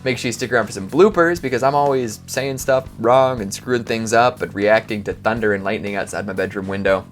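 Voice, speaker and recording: A man's voice: on the low side, fairly quick, faint music behind. A male video host, joking and poking fun at himself in a casual chat, recorded at home in his bedroom on a lavalier mic. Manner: joking, self-mocking, rambling. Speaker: host of a countdown video channel. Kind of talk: casual outro and blooper chatter. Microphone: lavalier microphone.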